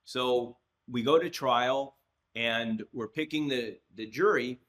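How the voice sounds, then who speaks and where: A man in his sixties, a trial lawyer, telling a story as a podcast guest, with frequent restarts and lively acted-out dialogue. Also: mid-range voice, takes it slowly. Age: 60s. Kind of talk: anecdotal storytelling in a podcast interview.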